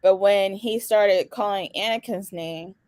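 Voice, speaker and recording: A woman co-hosting a casual podcast chat, frank and quick to laugh. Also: medium pitch, darkish tone, no room sound. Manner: frank, laughs a lot, short backchannels. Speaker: podcast co-host.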